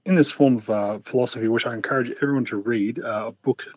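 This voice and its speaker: A man speaking as an interview guest, telling a personal story in a calm, earnest, reflective way. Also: mid-range voice, fast talker, highs cut off, a little hiss or hum.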